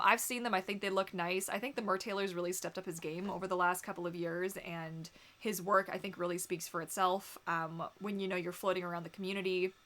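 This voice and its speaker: A woman's voice: on the low side, fairly bright tone. A young woman hosting a casual live stream, chatty and giggly, with lots of "like" and "um" fillers. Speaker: livestream host.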